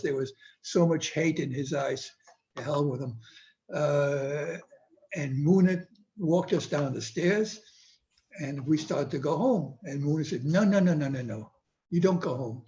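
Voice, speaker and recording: A man's voice: a little high, a little mellow. An older man, a Holocaust survivor, vividly telling his life story with small bursts of acted-out dialogue. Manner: vivid storytelling, acts out voices in quotes. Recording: dull lo-fi sound with faint noise.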